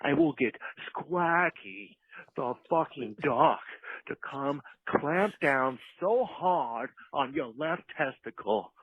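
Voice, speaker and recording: A man's voice: mid-range voice, slightly rough, no room sound, voice pushed up, exaggerated voice. A man voicing a foul-mouthed, furious, washed-up puppet-show star in a voicemail, ranting profane threats. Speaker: voicemail caller. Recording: tinny phone voicemail.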